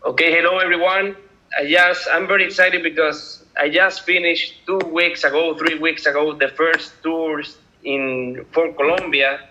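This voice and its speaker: Bright-voiced man, hesitant English. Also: fairly high pitch, steady tone, unhurried, lo-fi sound, slight background noise. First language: Spanish. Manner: hesitant, searching for words in English. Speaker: guest speaker from the office. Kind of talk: online video call talk.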